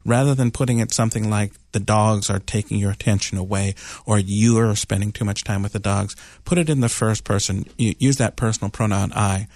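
A man hosting a radio advice show, explaining calmly at length with fillers and restarts. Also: lowish voice, a little fast, few pauses, no room sound. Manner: calm, explanatory, rambling with fillers. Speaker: radio advice host, doctor.

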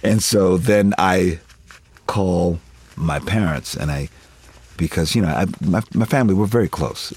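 A man's voice: deep voice, moderate pace, a little mellow, slightly rough. A man in his fifties, a guest in an interview, candidly telling family stories and laughing often as he acts out relatives' voices. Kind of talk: candid personal storytelling.

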